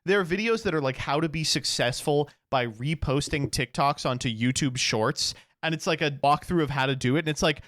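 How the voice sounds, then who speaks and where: A man's voice: on the high side, brisk, hardly any pauses, fairly bright tone, no room sound, clean studio sound. A man co-hosting a comedy podcast, tossing out sardonic jokes. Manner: joking, sardonic quips. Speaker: podcast co-host. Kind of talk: casual comedy podcast chat.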